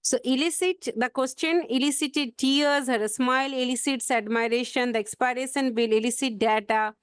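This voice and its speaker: A woman teaching an exam-prep English vocabulary lesson, spelling words out letter by letter and slowing down to show where the stress falls. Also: high voice, fairly even intonation, smooth, no echo.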